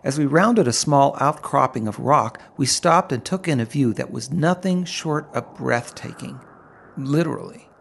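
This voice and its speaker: A middle-aged man reading a first-person story aloud, in an unhurried, vivid and descriptive manner. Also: mid-range voice, lively intonation, gravelly, slight background noise. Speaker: narrator. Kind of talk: first-person audiobook narration.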